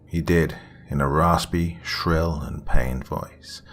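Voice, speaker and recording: A man narrating a scripted horror story in a hushed, dramatic storytelling manner. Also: very deep voice, takes it slowly, vocal fry.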